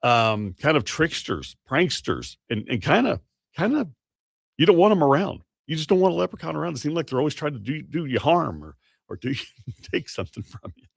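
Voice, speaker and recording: A male morning radio host with a gravelly, creaky edge to his voice. He talks in a loose, rambling way, correcting himself mid-sentence as he goes. The sound is close and dry, like a studio microphone. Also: on the high side, very animated, a little fast, no room sound. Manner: rambling, self-correcting, chatty. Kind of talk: casual morning radio talk.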